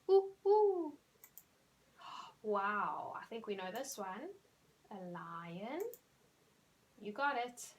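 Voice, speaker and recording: Slow, clear woman teacher. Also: medium pitch, fairly bright tone. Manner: slow, clear, encouraging teacher talk, drawing out animal sounds. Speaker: primary school teacher. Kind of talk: recorded remote lesson for children.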